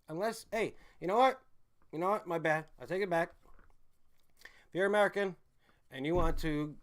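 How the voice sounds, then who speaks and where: A man hosts a livestream of casual, rambling chat, loose and profane, reading viewers' comments aloud. His delivery swings between loud, emphatic bursts and low mumbles.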